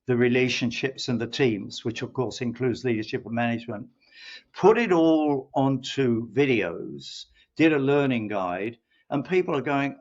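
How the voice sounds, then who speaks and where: A middle-aged man talks at a middle pitch, wandering through anecdotes and slipping into the voices of the people he quotes. The sound is a little dull and muffled. He has a loose, chatty interview manner. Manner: rambling storyteller who acts out quoted voices. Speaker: guest, co-founder of a training company. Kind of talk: casual interview talk.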